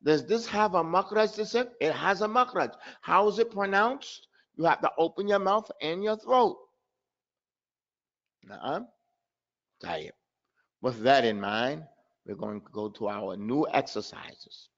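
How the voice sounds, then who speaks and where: Unhurried and expressive, a man with a slightly high, fairly bright voice teaches recitation in a live online class. Repetition of sounds is his drilling method, and Arabic terms turn up in his explanations. The recording has a dull lo-fi quality.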